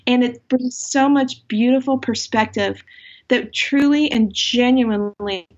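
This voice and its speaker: Woman, middle-aged, author guest, husky, emphatic, muffled lo-fi audio. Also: fairly high pitch, a little slow, darkish tone. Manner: earnest, impassioned, emphatic. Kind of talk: faith-based podcast conversation. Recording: dull lo-fi sound.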